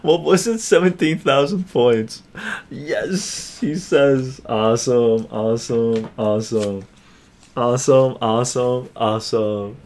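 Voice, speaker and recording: A man's voice: mid-range voice, slow. A man hosting a casual live stream, chatting upbeat with viewers and reading their comments aloud. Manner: excited auctioneer calling bids. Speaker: streamer hosting a points auction.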